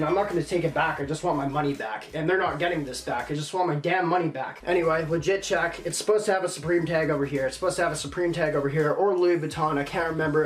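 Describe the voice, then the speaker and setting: A man's voice: on the high side, reverberant. A young man vlogging casually, frustrated and ranting, often apologizing to viewers. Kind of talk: casual unboxing vlog.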